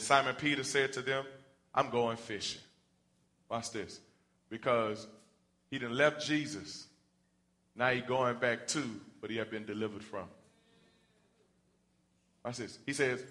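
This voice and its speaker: Man preaching a sermon, animated, acts out Bible characters, bright forceful tone. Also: medium pitch.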